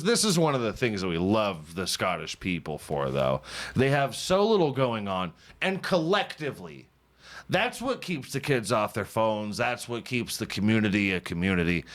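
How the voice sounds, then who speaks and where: A man's voice: lowish voice, a bit bright. A man hosting a comedy podcast, joking in a profane, mocking way and laughing often. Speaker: podcast host. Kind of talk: casual comedic podcast banter.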